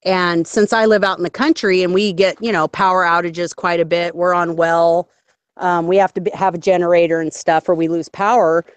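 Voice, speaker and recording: A woman's voice: fairly low pitch, fairly even intonation, moderate pace, smooth, no room sound. Earnest chatty woman on a call. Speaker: guest. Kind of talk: casual chat on a live stream. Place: at home in the countryside.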